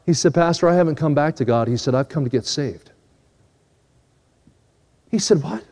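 A man's voice: fairly high pitch, moderate pace, a little mellow. A man preaching a sermon, telling a story and acting out the dialogue, then pleading earnestly with his listeners. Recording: long hall reverb.

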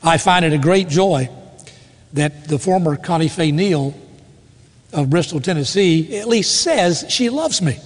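A man preaching a sermon with emphatic, slow dramatic pauses. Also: a little high, animated. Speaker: pastor. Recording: reverberant hall.

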